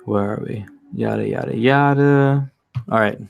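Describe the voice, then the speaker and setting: There's a slight hiss or hum behind this young man's medium-pitched, creaky, unhurried voice. As reader and host of a candlelit home reading with a resin burner, he chats and rambles through the break, swearing freely.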